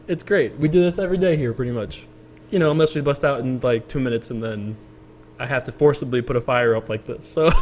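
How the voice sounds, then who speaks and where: A man's voice: on the high side, a little hiss or hum. A young man telling a rambling, self-amused story over casual poker video commentary, with frequent restarts.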